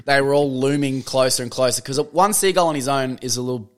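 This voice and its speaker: A young man, co-hosting a podcast and telling a story in a casual, animated way, swearing freely and laughing often. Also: medium pitch, fast. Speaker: podcast co-host. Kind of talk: casual chat.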